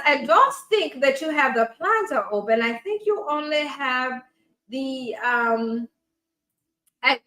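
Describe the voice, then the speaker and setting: A woman's voice: high voice, bright, forceful tone, echoey room, heavily acted, rough recording. A woman voicing a prim, polite female tech professor in a put-on British accent that keeps slipping, formal and genteel. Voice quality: accent that slips and wobbles. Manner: formal and genteel, says "dear".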